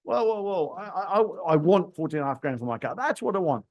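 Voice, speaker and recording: A man's voice: high voice, animated, fast, no room sound, voice pushed up. A man playing a stubborn car customer who stammers and insists on his price. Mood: insistent.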